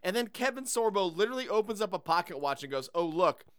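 A man talks casually on a podcast, comparing a film with its comic book. His fairly high voice swings widely in pitch and sounds smooth and resonant. The recording is dry and close. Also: lively intonation, quick pace, no room sound. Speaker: podcast guest. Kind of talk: casual chat.

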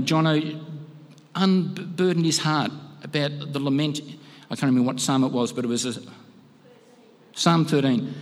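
Casting: male preacher, higher-pitched voice, earnest and conversational, big church reverb. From Australia. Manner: conversational, earnest, with frequent restarts. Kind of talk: sermon. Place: church hall.

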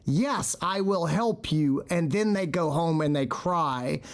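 A man's voice: fairly high pitch, animated, takes it slowly. A middle-aged man, a veterinarian podcast host, telling stories in casual chat and acting out quotes with animation.

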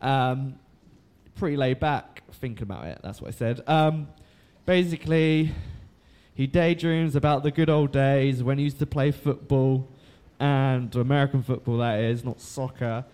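Speaking a little slowly in a clean, slightly mellow, medium-pitched voice, a young man rambles through a summary of a book. Fillers like "um" and "like" crop up constantly, and he curses without restraint.

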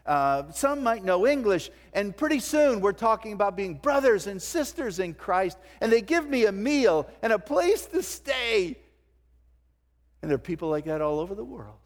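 Animated male preacher in a reverberant church. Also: moderate pace. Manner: animated preaching, swinging from loud emphasis to hushed lows. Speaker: pastor. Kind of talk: sermon. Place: church sanctuary. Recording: long hall reverb.

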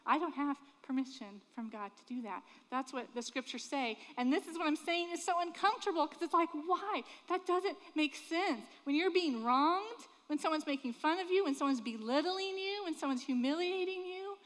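A woman's voice: high voice, moderate pace, hardly any pauses. A woman from Florida preaching a sermon in an earnest, conversational way, full of rhetorical questions. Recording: long reverb of a large hall.

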